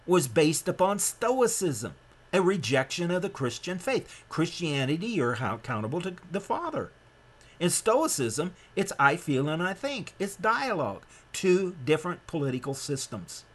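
Emphatic preaching man, higher-pitched voice. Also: sing-song, measured pace, breathy edge. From Nebraska. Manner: emphatic and rambling, with frequent restarts and sudden rises in pitch. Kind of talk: impassioned sermon-style lecture.

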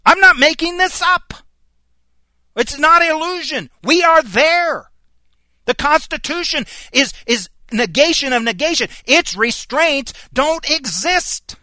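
Middle-aged male preacher, emphatic and repetitive, bright edgy tone, dry close sound. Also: extremely high pitch, expressive, slow pace, dry recording. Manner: emphatic, rhetorical questions and hammering repetition. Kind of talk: fiery sermon.

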